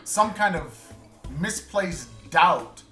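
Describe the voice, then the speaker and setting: A man's voice: sits high, expressive, extremely slow, sharp tone, reverberant, soft background music. A man co-hosting a podcast, talking casually and earnestly, often restarting while he searches for the right words. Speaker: podcast co-host. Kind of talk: casual chat.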